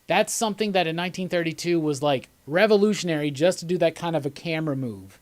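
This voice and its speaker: A man's voice: a little high, quick pace, a little mellow. A man hosting a live commentary, talking casually and enthusiastically, rambling and laughing as he chats with viewers. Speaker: host of live movie commentary.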